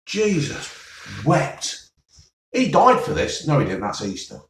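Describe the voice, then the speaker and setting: A man's voice: on the high side, wildly swooping pitch, takes it slowly. A man, grumbling sarcastically and sighing as he reads through the holiday TV listings. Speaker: vlogger reviewing TV listings. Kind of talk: casual solo rant. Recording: roomy, mic at a distance.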